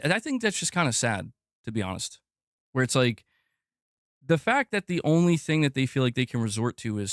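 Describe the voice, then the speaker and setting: A man hosting a gaming channel livestream, ranting in an exasperated, profane way that repeats itself and climbs in pitch as he gets worked up. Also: dry recording, clean studio sound. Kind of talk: livestream rant reading chat.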